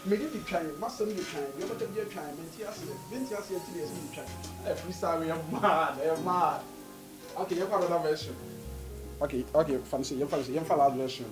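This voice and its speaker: A man, acting a loud, boastful houseboy in a comic drama. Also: fairly high pitch, fast talker. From Ghana. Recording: music playing behind.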